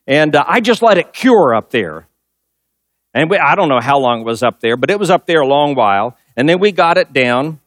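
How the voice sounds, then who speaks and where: A man's voice: fairly high pitch, lively intonation, moderate pace, a bit bright, no room sound, studio quality. A middle-aged male pastor preaching a sermon, telling a personal story and driving points home with emphatic repetition.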